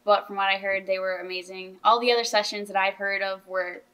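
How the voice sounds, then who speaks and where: A teenage girl hosts a casual school podcast with a bright, forceful tone. She sounds earnest and enthusiastic and often restarts her sentences. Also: medium pitch, flat delivery, fairly quick, smooth, rough recording. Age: teens. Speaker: podcast host. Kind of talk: casual chat.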